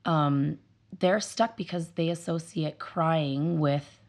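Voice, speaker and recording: A woman's voice: low-pitched, takes it slowly. A young mother, a guest in a casual interview, telling parenting stories and acting out her children's voices. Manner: animated storyteller, acts out her kids' voices.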